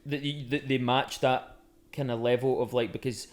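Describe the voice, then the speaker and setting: A young man, a musician, talks casually on a podcast. He is laid-back and sweary and pokes fun at himself. His voice sits at an ordinary pitch for a man. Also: fairly even intonation, normal speed. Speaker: musician, guest.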